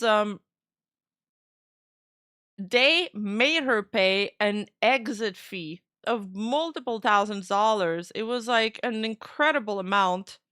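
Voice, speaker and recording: A woman's voice: mid-range voice, a bit bright, no room sound, clean studio sound. A woman streamer giving casual reaction commentary in a giggly, chatty way.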